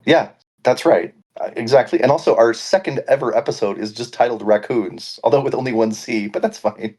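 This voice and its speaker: A man's voice: mid-range voice, brisk, darkish tone, breathy edge. A man co-hosting a casual podcast chat, joking and rambling, laughing often. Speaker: podcast co-host.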